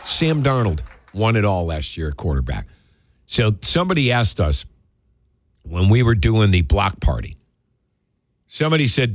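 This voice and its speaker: A man's voice: mid-range voice, very animated, moderate pace, no echo, studio quality. A man hosting a radio talk show, doing folksy, emphatic live-read ads and chatting about football.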